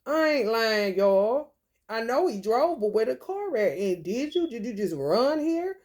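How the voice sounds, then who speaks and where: A woman's voice: fairly high pitch, big pitch swings, a little slow, a little mellow. A woman venting in a casual monologue, telling a story bluntly and profanely with lots of rhetorical questions. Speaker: vlogger.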